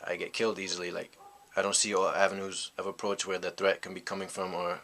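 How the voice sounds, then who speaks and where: Speaking fast in a flat, deep voice that barely shifts, a young American vlogger recounts something that happened to him. His tone is bright and forceful, and his reflective storytelling rambles, with "you know" tacked onto almost every thought.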